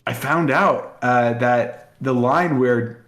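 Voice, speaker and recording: A man's voice: mid-range voice, slow, fairly bright tone, reverberant, a little hiss or hum. A man co-hosting a podcast, chatting casually and emotionally with many fillers. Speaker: podcast co-host. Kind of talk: casual chat.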